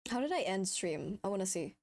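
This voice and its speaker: Giggly VTuber woman, lively pitch. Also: fairly quick. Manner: giggly, self-mocking, exclamatory. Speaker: VTuber streamer. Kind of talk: casual stream chat reacting to old footage.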